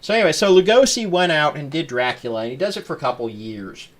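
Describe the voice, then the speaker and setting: A man hosting a live-streamed podcast, talking casually in a halting, rambling way with lots of fillers. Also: a little high, animated. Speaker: podcast host.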